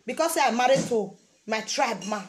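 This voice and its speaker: A woman's voice: a little high, expressive, normal speed. A woman with a Nigerian Pidgin English accent giving a casual motivational talk, repeating her phrases for emphasis. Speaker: vlogger.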